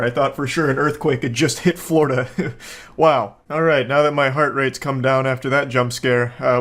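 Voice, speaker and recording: A man hosting a comedic commentary on a viral video, talking in a sarcastic, deadpan way. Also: mid-range voice.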